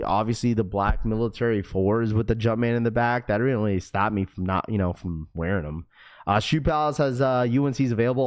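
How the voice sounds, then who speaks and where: A young man hosting a live stream, chatting casually with viewers in an energetic, slangy, talkative way. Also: medium pitch. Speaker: livestream host.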